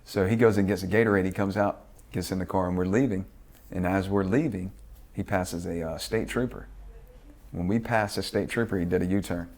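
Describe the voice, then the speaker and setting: Gravelly, low-voiced man telling a story. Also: brisk. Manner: profane, lively storyteller who acts out quotes. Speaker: interview guest. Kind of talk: casual storytelling interview.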